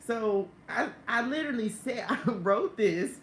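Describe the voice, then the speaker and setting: A woman's voice: mid-range voice, sing-song, a little slow, hardly any pauses. A woman giving a casual, laughing, digressive morning devotional straight to her viewers, ending in prayer. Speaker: faith coach hosting a morning message. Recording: echoey room with faint ambient noise.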